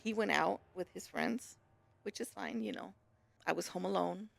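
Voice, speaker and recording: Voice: medium pitch, moderate pace, gravelly, a bit bright, no echo. A podcast guest rambling through an account of strange events at home, often correcting themself. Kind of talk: casual storytelling. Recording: music playing behind.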